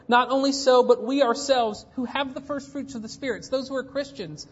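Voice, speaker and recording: A woman in her thirties preaches with a fairly high voice, pressing her points emphatically. She drops low and hushed, then swells into intense passages. The recording is dull and lo-fi. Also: slightly rough. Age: 30s. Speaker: pastor. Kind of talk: sermon.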